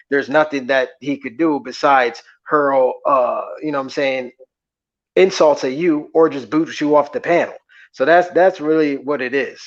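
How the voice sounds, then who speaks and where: A man on a sports talk panel, explaining his point in a measured way and often asking "you know what I'm saying". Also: mid-range voice. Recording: dull lo-fi line.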